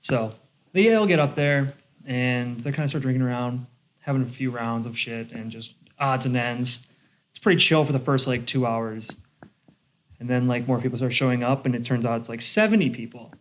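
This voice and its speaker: Young male bartender, mid-pitch, casual storyteller, profane and animated. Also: moderate pace. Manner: animated, swears a lot, lots of "like". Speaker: bartender podcast host.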